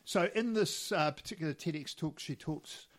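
A man's voice: on the high side, moderate pace. A young man co-hosting a podcast in casual chat, telling rambling stories with frequent restarts and laughs. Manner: rambling, self-correcting storyteller who laughs often. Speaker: podcast co-host.

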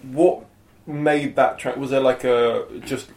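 Male podcast host, mid-pitched, short prompting questions, echoey room. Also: steady tone, slow pace, darkish tone. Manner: brief prompting questions and backchannels. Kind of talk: interview questions.

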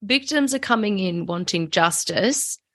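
A woman's voice: medium pitch, animated, measured pace, no room sound, studio quality. A woman hosting a conversational interview, reacting openly and asking follow-up questions. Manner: reactive and emotionally open.

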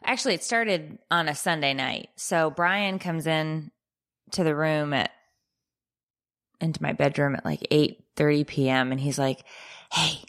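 Low-voiced woman telling a story sarcastically. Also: measured pace. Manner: exasperated, profane, deadpan sarcasm. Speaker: podcast co-host. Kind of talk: casual storytelling chat.

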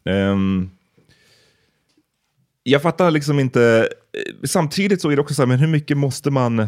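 A man whose first language is Swedish, hosting a podcast in relaxed, casual chat, thinking aloud with many fillers. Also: mid-range voice, normal speed. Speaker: podcast host.

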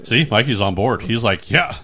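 A man hosting a podcast, chatting casually in a rambling, animated way with many restarts. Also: fairly low pitch, normal speed. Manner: rambling, animated, acts out little scenes. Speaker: podcast host. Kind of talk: casual chat.

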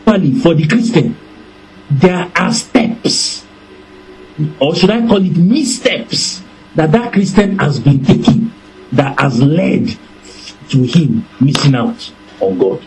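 A man preaching a sermon in a deliberate, animated way that often breaks into laughter. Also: a little high, a little hiss or hum, low-quality recording.

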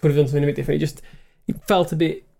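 Fast-talking podcast host. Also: male voice, on the high side, little pitch movement, gravelly, mellow. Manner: chatty, says "mate" a lot. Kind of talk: casual chat.

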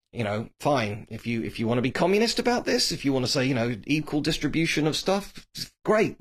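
A man talking in a casual, opinionated monologue, his pitch swinging up and down as he makes his points. He is blunt and waves away the views he dislikes, with a middle-pitched voice. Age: adult, grew up reading Tolkien. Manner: blunt, opinionated, dismissive asides. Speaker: TV series commentator.

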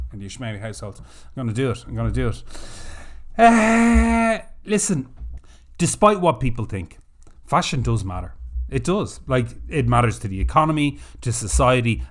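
A man hosting a podcast in a casual monologue, animated and chatty, swearing freely. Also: medium pitch. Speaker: podcast host.

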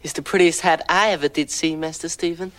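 A man's voice: a little high, fairly even intonation, fairly quick, fairly bright tone, pitched above the performer's own voice, lightly acted. A man voicing a camp, playful teenage boy, quoted in a podcast chat. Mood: coy.

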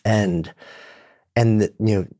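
A man's voice: lowish voice, slow pace, mellow, dry recording. A male podcast host talking in a reflective, rambling way, with fillers like "you know". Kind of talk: conversational interview.

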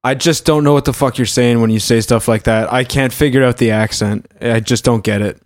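A man's voice: medium pitch, steady tone, brisk, dry recording. Blunt, mock-indignant man. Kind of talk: casual comedy podcast banter.

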